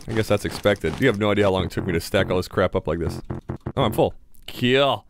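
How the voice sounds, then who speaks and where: A man's voice: low-pitched, fast talker, vocal fry, noisy background. Man, young adult, gameplay commentary, talking to himself, casual, mildly sarcastic. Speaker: gaming YouTuber.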